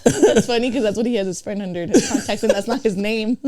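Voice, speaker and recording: On a podcast, a female guest with a mid-range voice talks fast through a profane, blunt story in casual chat. She lively retells the exchanges, acting out each person's lines.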